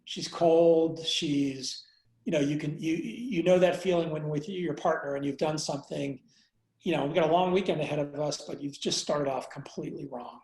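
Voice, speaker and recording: Male interview guest, gravelly voice in a roomy room, reflective and halting, blunt language. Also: on the high side, darkish tone. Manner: reflective, halting, many fillers and restarts; blunt, casual swearing. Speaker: interview guest, entrepreneur and investor. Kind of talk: candid conversational storytelling.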